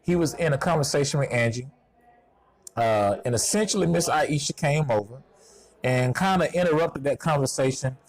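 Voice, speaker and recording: A man's voice: medium pitch, moderate pace. A man from Houston with a Southern Texas accent talks through a casual TV review in a chatty, self-deprecating way. He is outdoors at a golf course, picked up by a clip-on mic on his shirt. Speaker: TV show reviewer.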